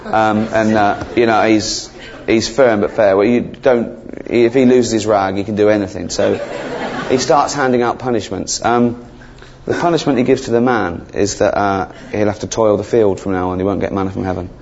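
Cheeky swearing comedian. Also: male voice, fairly low pitch, fairly even intonation, normal speed, darkish tone, a faint crowd. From England. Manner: cheeky, swearing, mock-exasperated. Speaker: stand-up comedian. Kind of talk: stand-up comedy. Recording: dull live recording, background noise.

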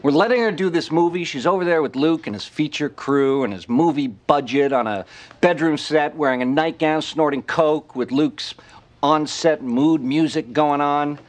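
An actor playing a wry, exasperated head writer of a sketch show. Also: male voice, fairly high pitch, normal speed, lightly acted. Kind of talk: TV drama dialogue.

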